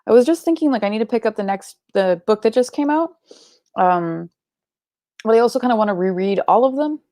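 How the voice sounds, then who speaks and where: A woman's voice: on the high side, animated, a little fast, dark tone, no echo, clean studio sound. A young woman hosting a live book club stream, chatting casually and rambling, sleepy and yawning, with offhand swearing.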